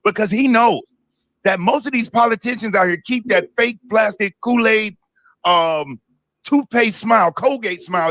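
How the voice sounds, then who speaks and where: A man with a notably high, bright voice talks through political clips on a live stream. He explains his opinions in a casual, steady way, and his voice sounds close and dry. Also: moderate pace, no room sound. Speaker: co-host of a live commentary stream.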